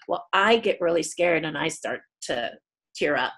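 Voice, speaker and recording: Husky-voiced woman telling lively stories. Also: normal speed. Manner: lively storyteller who jumps high to act out quoted people. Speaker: guest, puppeteer. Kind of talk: animated storytelling interview.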